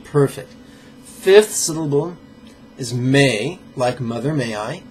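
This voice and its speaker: A man leading a pronunciation drill as a meditation teacher, playful and joking, sounding out syllables slowly and carefully. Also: mid-range voice, expressive, darkish tone, faint music behind. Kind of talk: pronunciation drill in a live lesson.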